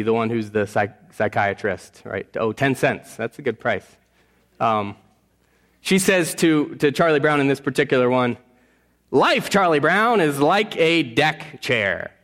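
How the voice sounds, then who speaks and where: A man preaching a sermon as pastor, earnest, moving between quiet asides and raised appeals. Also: medium pitch, measured pace, long pauses, long reverb tail.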